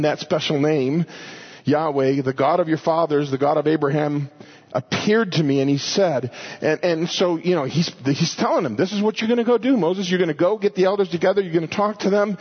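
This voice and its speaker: A man preaching a sermon, explaining Bible verses and paraphrasing scripture aloud, at times loud and at times quiet. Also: fairly high pitch, husky, highs cut off. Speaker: pastor teaching a Bible study.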